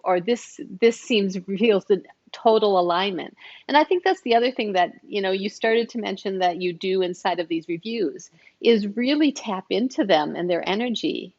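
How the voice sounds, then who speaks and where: A woman's voice: mid-range voice, darkish tone, highs cut off. A woman hosting an interview in casual chat, enthusiastic and rambling with restarts. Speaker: host.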